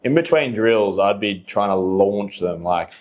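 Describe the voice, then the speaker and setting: A young Australian man speaks as a podcast guest in a loose, rambling way. He leans on fillers and breaks into laughs often, his voice sitting a little low. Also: animated, a little slow, darkish tone, dull audio. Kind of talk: casual conversation.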